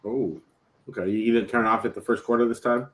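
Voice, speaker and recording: A man's voice: mid-range voice, a little fast, rough recording. A man hosting a sports podcast in casual chat, easygoing as he lays out game stats. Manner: steady, stat-heavy, easygoing. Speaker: podcast host.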